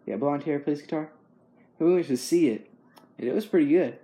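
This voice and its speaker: A man's voice: on the high side, fairly quick, warm tone. A young man chatting casually as host, easygoing and rambling, with frequent chuckles. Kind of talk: casual chat.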